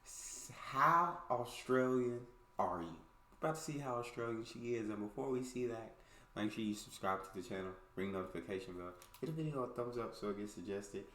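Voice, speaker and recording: A man's voice: mid-range voice, brisk, roomy sound. A man hosting a reaction video, talking energetically and casually to his viewers. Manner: energetic, lively delivery.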